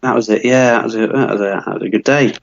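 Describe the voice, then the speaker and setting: A man's voice: fairly low pitch, quick pace, creaky. A man in his twenties co-hosting a comedy podcast, rambling through a silly story with lots of fillers and restarts. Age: 20s. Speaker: podcast co-host. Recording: dull lo-fi podcast audio.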